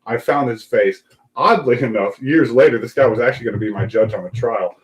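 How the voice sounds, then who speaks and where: A man's voice: mid-range voice, fairly quick, rough recording. Man telling a crude story with relish. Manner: animated anecdote teller, acts out quoted voices. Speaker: podcast host. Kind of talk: casual chat, storytelling.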